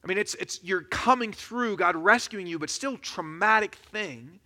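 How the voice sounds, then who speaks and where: A man preaching a sermon as a pastor, in a conversational, animated storytelling manner. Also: sits high, a little slow.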